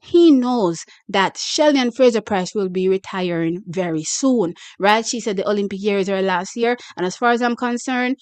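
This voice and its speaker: A woman's voice: medium pitch, normal speed, hardly any pauses, darkish tone, clean tone, dry recording. A young adult woman with a Jamaican accent hosts a track-and-field channel, hyping the news and reading a press release aloud with chatty asides. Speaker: sports channel host.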